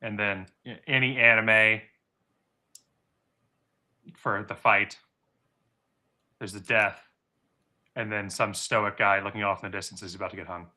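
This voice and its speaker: A man's voice: lowish voice, fairly even intonation, measured pace, long pauses, sharp tone. A man co-hosting a livestream, chatting casually with sardonic jokes and mock rants. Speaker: livestream co-host. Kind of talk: casual chat.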